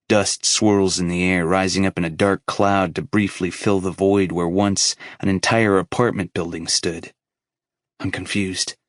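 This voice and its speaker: A man's voice: sits low, no echo, studio quality. A man narrating an audiobook in the first person, grave and emotional.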